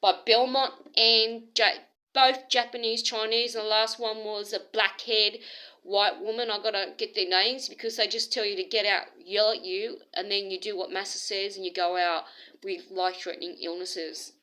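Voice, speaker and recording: A woman's voice: mid-range voice, level tone, normal speed, bright, forceful tone, poor audio. An Australian woman rambling through an agitated, aggrieved personal complaint, jumping from one story to the next. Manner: agitated, aggrieved, jumps between stories.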